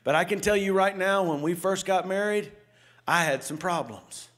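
A middle-aged man preaching as a pastor, telling stories and asking the congregation questions, swinging between loud outbursts and hushed asides. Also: sits high, normal speed. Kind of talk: sermon.

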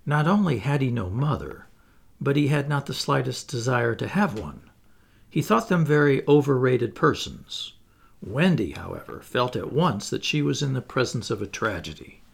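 Expressive gravelly male storyteller. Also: medium pitch, moderate pace. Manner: lively, expressive read-aloud with playful asides. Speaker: audiobook reader. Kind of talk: storybook narration.

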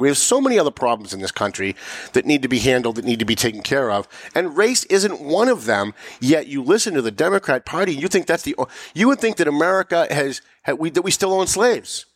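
A man's voice: on the high side, no echo, studio quality. A man hosting a political talk show, emphatic and pushing his voice up sharply when making a point. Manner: emphatic, rising to sharp mocking peaks. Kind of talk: political commentary chat.

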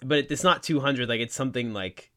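A man with a mid-pitched, plain voice, chatting casually as a podcast co-host. His delivery is relaxed and easygoing. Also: a little fast. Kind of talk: casual chat.

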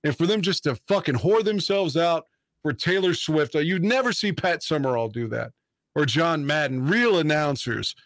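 A man's voice: a little high, animated, moderate pace, fairly bright tone, no room sound. A man hosting a podcast who rants in an indignant, profane way. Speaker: podcast host. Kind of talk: casual podcast chat.

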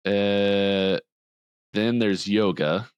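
A man's voice: steady tone, drawn-out words, smooth, dry recording, muffled recording. A man casually recapping a film on a podcast, acting out the characters' lines in a raised voice. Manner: retells scenes, acting out quotes in a higher voice. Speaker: podcast co-host. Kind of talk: casual movie recap chat.

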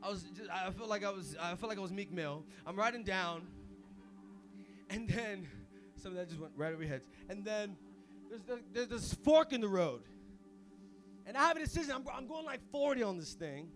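A young man preaching an energetic sermon as pastor, casual and full of slang, swinging from hushed asides to shouting. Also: high voice, normal speed, soft background music.

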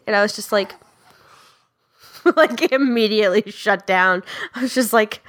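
A woman's voice: on the high side, moderate pace, pauses often. A young woman hosting a casual comedic chat, telling stories animatedly and acting out what people said. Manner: animated storytelling, acts out quotes. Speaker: podcast host.

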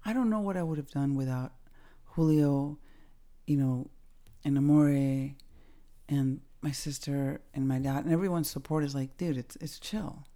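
Podcast host, middle-aged woman, low mellow voice, candid casual storyteller. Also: normal speed. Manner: candid, casual, swears, laughs often. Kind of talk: personal storytelling.

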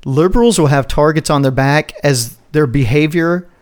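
A man's voice: on the high side, normal speed. A man co-hosting a podcast in casual political chat, rambling and profane, often breaking into laughs. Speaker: podcast co-host.

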